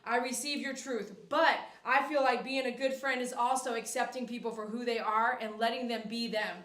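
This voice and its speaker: In an echoey grooming shop, a high-pitched woman runs a laid-back livestream at a moderate pace. The dog groomer and host reads viewers' comments aloud, talks with them, and occasionally cheers with excitement.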